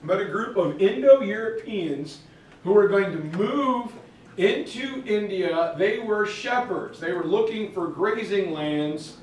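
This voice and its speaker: Joking teacher in an echoey classroom. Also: male voice, high voice, slow, recorded from a distance, highs cut off, a little hiss or hum. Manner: jokey, animated storyteller. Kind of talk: classroom history lecture.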